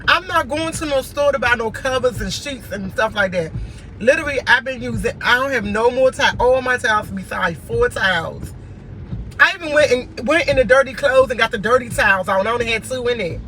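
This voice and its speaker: A man's voice: extremely high pitch, animated, fairly quick, pushed and bright, slight background noise, rough recording. A man venting in a casual vlog, exasperated and repeating himself as he rants from inside a car. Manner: exasperated, repetitive ranting. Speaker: vlogger.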